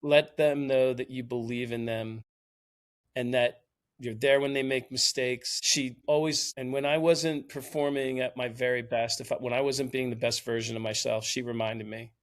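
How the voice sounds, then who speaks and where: A man, around his fifties, talking thoughtfully and in a measured way on a podcast. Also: medium pitch, flat delivery. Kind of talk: reflective podcast conversation.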